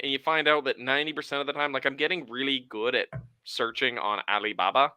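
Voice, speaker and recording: A man's voice: mid-range voice, fast, clear, resonant tone, no room sound, rough recording. A man on a casual podcast chat, talking bluntly with lots of swearing, from Canada. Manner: blunt and profane, animated.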